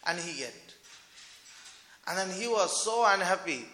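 A man tells a devotional story in a relaxed, conversational manner, with plenty of fillers. His voice is high and bright. It echoes through a large hall with a long reverb tail. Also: a little slow, slight background noise.

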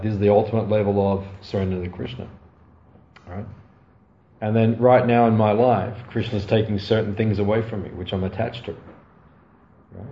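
A man giving a storytelling sermon, laughing often and tagging lines with quick asides to his listeners. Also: lowish voice, vocal fry, dark tone. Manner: anecdotal, laughing often, frequent "right?" asides. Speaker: spiritual teacher. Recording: dull, roomy recording with faint ambient noise.

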